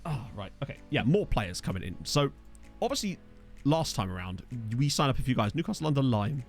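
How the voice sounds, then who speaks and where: A tired gaming streamer chats casually during a let's-play, reading viewer comments and answering them in a rambling, self-deprecating way packed with fillers. His medium-pitched voice is very animated and brisk, with faint music behind him.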